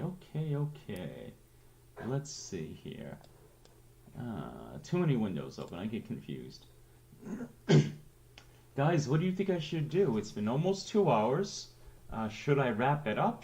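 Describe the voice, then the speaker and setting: A man's voice: medium pitch, darkish tone. A man chatting casually on a late-night livestream, rambling and reading aloud to his viewers. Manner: rambling, reads aloud with laughs.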